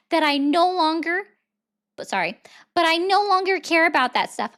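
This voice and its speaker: A woman's voice: very high-pitched, bright, forceful tone, pitched above the performer's own voice, heavily acted. A woman voicing a boastful, rambling older male president who insults his rivals.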